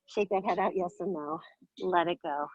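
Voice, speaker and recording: A yoga instructor leads a class with upbeat, playful cues, moving as she talks and slightly out of breath. Her voice is lowish, and the recording is muffled with no room sound.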